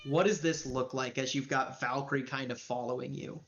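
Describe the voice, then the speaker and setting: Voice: medium pitch, steady tone, normal speed, fairly bright tone. Casual game master on a dull stream. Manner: casual, loose, lots of fillers. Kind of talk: narrating a tabletop game.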